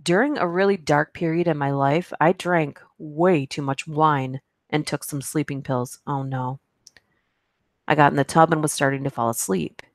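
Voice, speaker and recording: An American woman hosting a live stream reads creepy stories aloud, chats in asides between them and laughs at herself. Her low voice holds a steady tone at normal speed, with no room sound.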